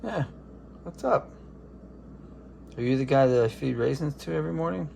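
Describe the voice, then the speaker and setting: A man watching birds, talking to them softly and teasing them in a casual way. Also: fairly high pitch, moderate pace, creaky, dull audio, a little hiss or hum. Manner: soft, teasing, talks to birds. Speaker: backyard bird watcher. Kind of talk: casual talk to animals.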